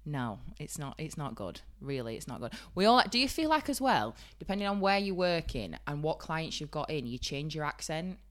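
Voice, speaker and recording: A young woman with a broad Yorkshire accent, co-hosting a podcast in lively casual chat and laughing often. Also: sits low, moderate pace, hardly any pauses. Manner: animated, laughs often, bursts loud. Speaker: podcast co-host.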